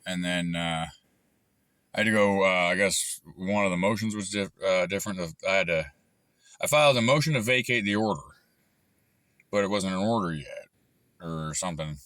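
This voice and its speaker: A man's voice: low-pitched, normal speed, long pauses, a bit bright, clean tone, no room sound. A man telling a long, frustrated story in a rambling, casual way with lots of fillers and restarts. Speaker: channel host recounting a dispute.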